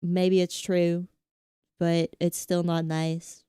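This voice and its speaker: A woman's voice: lowish voice, completely flat delivery, slow pace, mellow, clear, resonant tone, no room sound, studio quality. A woman streamer with a Southern American accent chatting casually over a game in a meandering, self-mocking way. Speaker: VTuber streamer. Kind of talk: casual gaming-stream chat.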